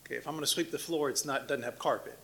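A man's voice: medium pitch, racing, creaky, fairly bright tone. A man from Washington, D.C., a missionary giving a conversational church talk, telling anecdotes, acting out little exchanges and asking the congregation questions.

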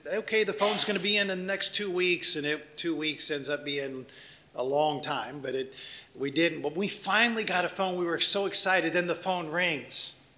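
A man's voice: a little high, steady tone, moderate pace, bright, forceful tone. A man from Washington, D.C., a missionary giving a conversational church talk, telling anecdotes, acting out little exchanges and asking the congregation questions.

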